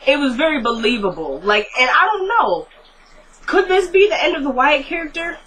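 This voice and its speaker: A woman's voice: high voice, very animated, normal speed, a bit bright, rough recording. A woman casually recapping a TV drama episode, retelling scenes by quoting the characters, with many likes and asides. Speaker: TV recap vlogger.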